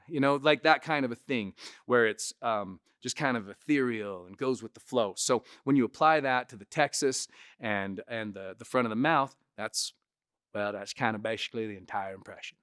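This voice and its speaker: A man's voice: mid-range voice, normal speed, a bit bright, smooth, no room sound, studio quality. A man who is a comedian and impressionist, giving a casual tutorial and often tagging his points with "right?". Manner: chatty, keeps adding "right?" to check in.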